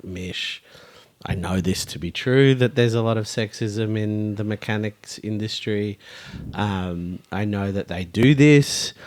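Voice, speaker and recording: A young adult man co-hosting a podcast in casual chat, with dry, mock-serious teasing. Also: fairly low pitch. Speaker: podcast co-host.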